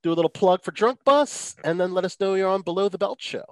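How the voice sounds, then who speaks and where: A man's voice: sits high, quick pace, no echo. A man hosting a podcast, enthusiastic and laughing easily while interviewing his guests. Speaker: podcast host. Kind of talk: casual interview chat.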